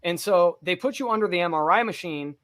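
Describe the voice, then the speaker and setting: A man's voice: high-pitched, brisk, a bit bright. A man co-hosting a podcast, telling a personal story in a casual, profane and vivid way. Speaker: podcast co-host.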